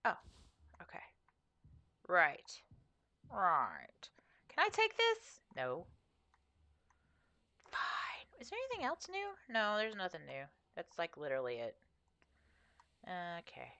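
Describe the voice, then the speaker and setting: A woman's voice: fairly low pitch, wildly swooping pitch, measured pace, pauses often, pushed and bright, lo-fi sound. A woman streamer chatting playfully through a game playthrough, joking and reacting as she goes. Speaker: gaming streamer. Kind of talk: let's play commentary.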